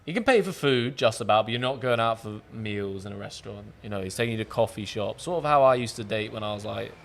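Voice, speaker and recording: A man's voice: on the low side, expressive, quick pace, vocal fry. Frank, jokey man hosting. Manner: frank, jokey, swears casually. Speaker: podcast host. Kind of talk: casual chat.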